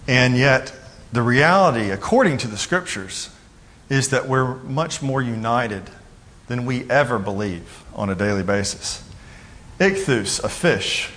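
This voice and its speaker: Animated and medium-pitched with a fairly bright tone, a man gives a sermon as a pastor. He talks loosely, cracks jokes, and slips into quick voices for the people he's quoting.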